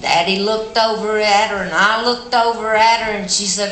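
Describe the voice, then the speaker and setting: A middle-aged woman with an Appalachian accent telling a tale live on a festival stage, folksy, animated and plainspoken. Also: mid-range voice, normal speed, hardly any pauses. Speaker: storyteller. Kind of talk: live storytelling performance. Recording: echoey hall with background noise.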